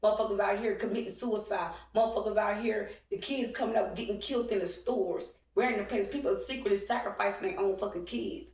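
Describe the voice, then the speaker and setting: A woman's voice: mid-range voice, steady tone, brisk, few pauses, darkish tone. A woman in her forties with a drawl, ranting bluntly and profanely. Her voice rings around a roomy space and sits a little back from the mic, so it sounds slightly distant. She keeps an emphatic, confrontational edge throughout. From Texas. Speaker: vlogger. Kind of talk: heated monologue to camera. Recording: roomy echo, speaking from away from the mic.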